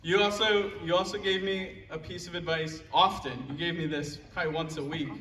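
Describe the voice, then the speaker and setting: A man's voice: a little high, fairly even intonation, fairly quick, pushed and bright. A young man giving a roast speech about his father at a live event, telling jokes and stories and laughing along with the audience. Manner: joking storytelling, laughing at his own lines. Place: large hall at a live event. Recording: echoey hall from far off, noisy.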